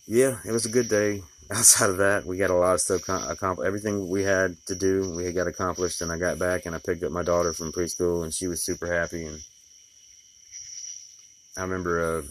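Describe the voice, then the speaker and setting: A man's voice: low voice, fairly even intonation, brisk, slight background noise. A middle-aged man who installs glass, telling stories about his day in a rambling, folksy way with lots of fillers. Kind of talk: casual personal vlog.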